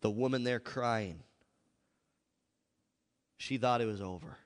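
A male pastor preaching a sermon, swinging between loud outbursts and hushed asides. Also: medium pitch, takes it slowly. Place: church. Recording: echoey hall.

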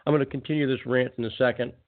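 A man hosting a call-in talk radio show, ranting casually with quick asides. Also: mid-range voice, steady tone. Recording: phone-like narrow band audio.

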